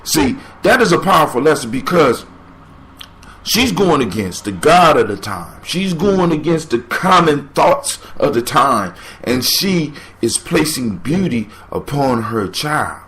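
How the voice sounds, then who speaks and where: A man talks to his podcast listeners like a preacher, repeating key lines for emphasis as he draws a lesson from a folk tale. His voice sits at an ordinary pitch for a man, and he swings between urgent and quiet. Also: big pitch swings, measured pace. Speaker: podcast host. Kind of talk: motivational podcast commentary.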